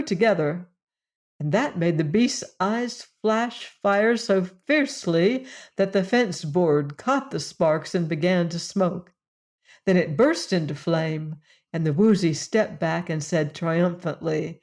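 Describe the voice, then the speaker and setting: A woman narrating a children's audiobook in a calm, measured storytelling manner. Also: on the low side. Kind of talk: scripted narration of a children's classic.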